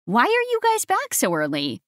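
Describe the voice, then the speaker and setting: A woman voicing a cheeky, quick-tempered young woman in an audiobook, higher and louder than her narration. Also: huge pitch swings, no echo, clean studio sound. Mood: sharp.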